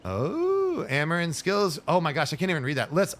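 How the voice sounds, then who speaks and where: A man streaming a game, giving excitable, jokey running commentary in casual chat. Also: on the high side, moderate pace.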